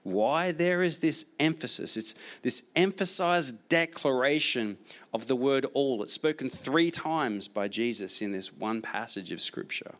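A man's voice: mid-range voice, lively intonation, a little slow, fairly bright tone. A man preaching a sermon as pastor, repeating key phrases emphatically, with frequent restarts.

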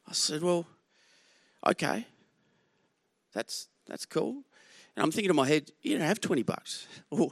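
A man's voice: a little high, a bit bright, no room sound. A man in his forties with an Australian accent, preaching as a guest speaker in a conversational storytelling way, chuckling through his anecdotes. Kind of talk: sermon with personal storytelling.

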